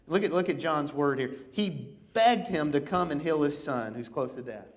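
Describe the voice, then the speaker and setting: A man delivers a sermon in a church with a slightly high voice, talking to the room in a loose, conversational way. He acts out the stories as he reads them and keeps checking in with his listeners. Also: moderate pace. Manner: conversational, repeats "right?" often; animated, acts out begging in a raised voice. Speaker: pastor. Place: church auditorium.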